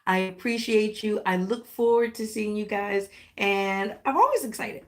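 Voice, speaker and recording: A woman hosting a live tarot reading, talking warmly and directly to her viewers with pet names and playful exclamations. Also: medium pitch, normal speed. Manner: affectionate, animated, talks directly to viewers. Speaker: tarot reader.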